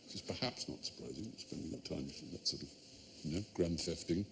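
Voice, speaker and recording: A man's voice: low voice, lively intonation, fairly quick, gravelly, a bit bright, a little hiss or hum. A man hosting a comedy quiz panel show in a TV studio, explaining facts in an erudite, wry way. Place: TV studio with audience.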